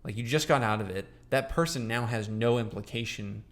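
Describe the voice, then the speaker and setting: With a mid-range, fairly bright voice, a young male co-host talks a little fast. His casual podcast banter wanders, packed with fillers and restarts.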